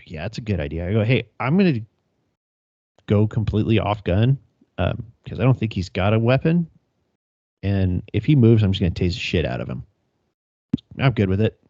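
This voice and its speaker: On a casual podcast, a young male police officer tells a chase story, laughing, swearing, and acting out radio calls. His voice is fairly low, animated, fairly quick, and mellow. The recording is dry, with no room sound and a dull lo-fi quality.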